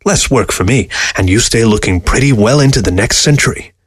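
A man voicing an older male taxidermist, proud and stubborn, speaking in a measured, earnest way. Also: mid-range voice, slightly rough, no room sound, close to an everyday voice.

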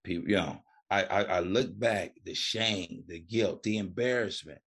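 A middle-aged recovery coach, guesting on a podcast, tells his story in a casual interview, acting out the voices of people he quotes and leaning on "man" and "you know." His low voice is fairly bright, with vocal fry and a breathy edge, at a measured pace.

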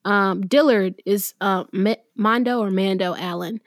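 A woman's voice: mid-range voice, a little slow, no room sound. A woman co-hosting a podcast, chatting about a movie with dry, wry remarks. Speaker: podcast co-host. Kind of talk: casual chat.

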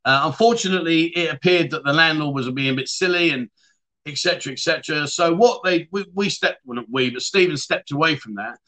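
A man's voice: on the high side, brisk, fairly bright tone. A man hosting a casual livestream chat show, reading viewer comments aloud and answering them in a chatty way.

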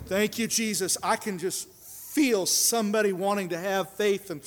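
A man preaching a sermon as pastor, emphatic and building to loud prayer. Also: high-pitched, moderate pace, few pauses, in a large hall, soft background music.

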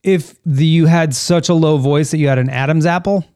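A man's voice: on the high side, fairly even intonation, moderate pace, a little mellow, smooth, no echo, studio quality. A man co-hosting a podcast in casual chat, joking crudely and rambling with many restarts. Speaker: podcast co-host.

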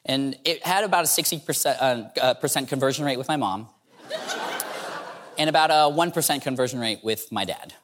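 A man's voice: medium pitch, huge pitch swings, moderate pace, background noise. A man giving a humorous storytelling talk as a speaker at an entrepreneurship event, playfully acting out dialogue as he tells it. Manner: playful, acts out dialogue in the telling.

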